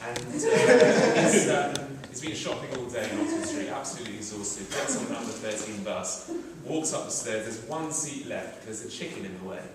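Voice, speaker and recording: A man's voice: lowish voice, fairly quick, a crowd in the background. A man telling a joke on stage, hesitant with stammering restarts. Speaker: comic performer. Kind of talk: stage comedy revue. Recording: echoey hall from far off, audience.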